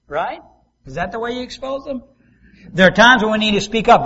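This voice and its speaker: A man pastor preaching a sermon, swinging from loud emphasis to soft asides and acting out quoted voices. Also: high-pitched, expressive, fairly quick, creaky, pauses often, highs cut off.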